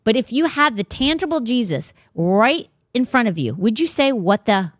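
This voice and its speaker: A woman's voice: a little high, sing-song, moderate pace, dry recording, clean studio sound. A woman hosting a faith podcast, talking casually but bluntly and emphatically. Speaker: podcast host.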